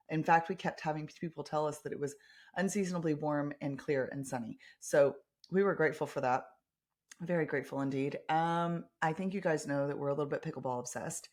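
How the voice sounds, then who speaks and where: Female podcast host, low-pitched, casual and enthusiastic storyteller. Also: darkish tone. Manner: chatty, enthusiastic storytelling with frequent ums and restarts. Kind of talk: casual chat.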